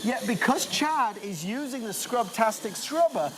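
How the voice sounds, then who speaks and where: A man's voice: very high-pitched, expressive, a little slow, background noise. A man hosting a TV shopping channel, gushing with enthusiastic sales patter. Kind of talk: TV shopping presentation. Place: TV shopping studio.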